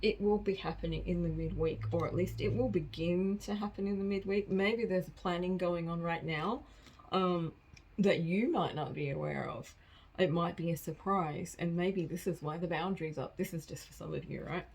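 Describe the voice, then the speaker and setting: A woman's voice: fairly low pitch, normal speed, creaky, a little mellow, breathy edge, low-quality recording. A woman giving a casual collective tarot reading, chatty and rambling, often laughing at herself. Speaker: tarot card reader.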